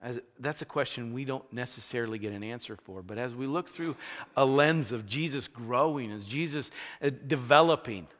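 A man preaching a sermon, telling a Bible story in a conversational, animated way. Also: mid-range voice, moderate pace, big-room sound. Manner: animated storytelling, acting out scenes with rising energy. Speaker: pastor.

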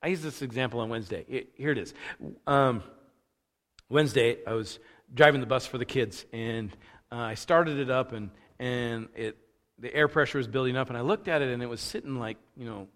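A man preaching a conversational sermon, casual and animated, acting out the thoughts he quotes. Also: medium pitch, brisk. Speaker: pastor. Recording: long reverb of a large hall.

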